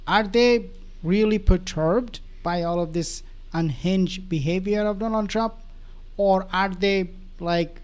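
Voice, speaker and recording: Animated, mocking male commentator. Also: high-pitched, unhurried. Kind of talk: political commentary.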